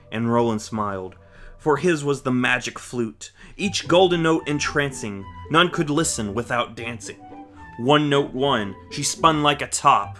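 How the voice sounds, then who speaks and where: A man reading a rhyming children's book aloud with a rhythmic, expressive delivery. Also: medium pitch, measured pace, soft background music. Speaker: storyteller.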